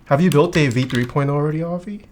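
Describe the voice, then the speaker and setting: Low-key streamer reading chat questions. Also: fast, darkish tone, slight background noise. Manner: reads viewer questions aloud and answers them offhand. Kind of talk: casual livestream chat.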